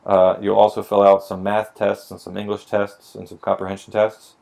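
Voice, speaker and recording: A man with a low, gravelly voice holds forth in casual podcast chat, swearing freely and slipping into mock dialogue. He sounds a little tipsy and wry. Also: completely flat delivery, moderate pace, a little mellow. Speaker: podcast co-host explaining police hiring.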